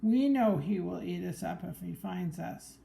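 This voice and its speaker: A woman's voice: on the low side, expressive, unhurried, creaky, warm tone, roomy sound, heavily acted. A woman voicing a group of obedient little rabbit children in a storybook. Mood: dutiful. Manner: dutiful promise.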